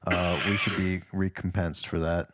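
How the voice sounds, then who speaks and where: A man's voice: low voice, level tone, moderate pace, very noisy. A man co-hosting a comedy podcast, talking in a rambling, casual way. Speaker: podcast co-host.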